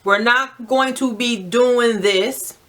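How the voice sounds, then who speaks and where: An advice vlogger with a New Jersey accent, who is from New Jersey, takes her time delivering emphatic, blunt life advice to camera. Her voice is on the high side and naturally loud, and she keeps checking in with "right?".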